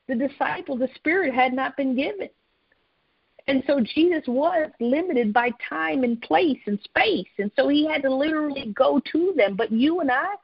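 A woman's voice: high-pitched, dry recording. A woman preaching an earnest sermon, repeating her phrases and often restarting mid-sentence. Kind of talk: sermon-style teaching. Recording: dull, lo-fi sound.

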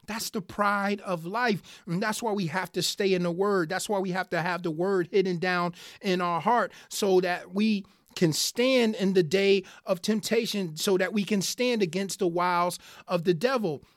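Excited podcast host teaching scripture. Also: medium pitch, normal speed, hardly any pauses, dry recording, studio quality. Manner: earnest and excited, talking straight to listeners as "guys"; reads scripture aloud in King James wording, then explains it. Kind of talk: Bible study podcast talk.

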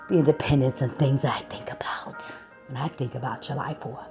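A woman hosting a faith talk show, telling a story in a casual, animated way and often laughing. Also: a bass voice, gravelly. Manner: animated, laughing storyteller, voice rising when excited. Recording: dull lo-fi audio with faint music.

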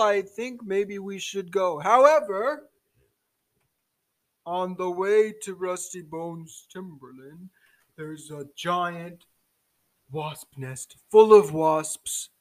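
Giant turtle king, slow formal delivery, a father voicing him at the game table. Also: high voice. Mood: stately.

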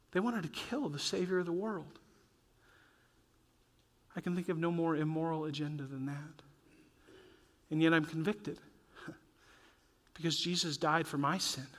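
Earnest high-voiced male pastor preaching. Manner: earnest, urging, rises and drops in loudness. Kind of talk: sermon.

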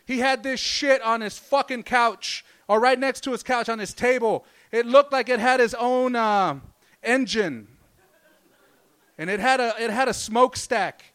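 A man's voice: very high-pitched, a little slow, a bit bright, clear, resonant tone. A man doing a stand-up comedy set, rambling loosely and swearing constantly. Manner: profane, rambling, loose delivery.

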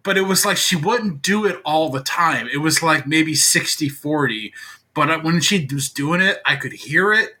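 A man's voice: fairly high pitch, expressive, moderate pace, bright, forceful tone. A man co-hosting a podcast, telling a long, rambling story in casual chat with many filler words. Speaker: podcast co-host.

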